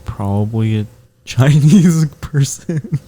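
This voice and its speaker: A man chatting on a laid-back podcast, his pitch swinging widely as he laughs and protests. He waves off his friend's challenges with a grin in his voice. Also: animated, slow pace, mellow. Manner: laughs often, protests and brushes off dares. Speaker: podcast co-host. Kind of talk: casual banter.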